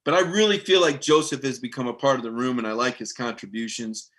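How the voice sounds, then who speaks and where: A middle-aged sports beat writer hosting a casual live stream, animated and rambling, reading viewer comments aloud. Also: male voice, medium pitch, fast talker.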